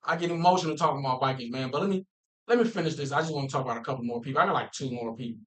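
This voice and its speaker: A man's voice: mid-range voice, rapid-fire, a bit bright, rough recording. A man vlogging as a football fan, ranting casually and animatedly, repeating himself and talking straight to his viewers. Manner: emphatic, restarts phrases often. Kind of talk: casual sports rant.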